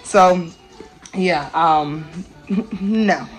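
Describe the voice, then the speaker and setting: A young woman chatting casually to her viewers in a vlog, playful and quick to laugh. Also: fairly low pitch, lively intonation, faint music behind, low-quality recording. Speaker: vlogger.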